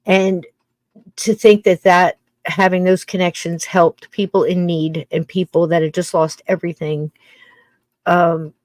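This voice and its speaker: A woman's voice: fairly low pitch, flat delivery, a little slow, a little mellow, no room sound. An older woman hosting a podcast, musing in a casual, rambling monologue full of restarts. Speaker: podcast host.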